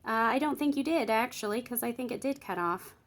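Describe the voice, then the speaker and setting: Woman walking you through bible lettering, chatty, thinks out loud, keeps asking "all right?". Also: on the high side, a little fast. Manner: chatty, thinks aloud while working; explains step by step, checks in with "all right?". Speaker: Bible journaling teacher. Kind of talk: casual craft tutorial.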